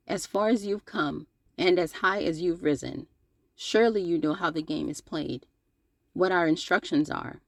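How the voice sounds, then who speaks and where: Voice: medium pitch, dry recording. A channel host reading a scripted open-letter commentary, sarcastic and scolding, with playful slang and direct address.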